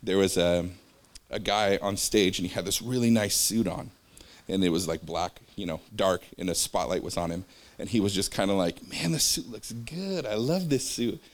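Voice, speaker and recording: A man with a lowish voice teaching from faith in a casual, loose way. He keeps drifting into personal stories and says so himself, filling gaps with small hesitations. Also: fairly even intonation, moderate pace, hardly any pauses. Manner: rambling, jumps between stories; conversational, with fillers.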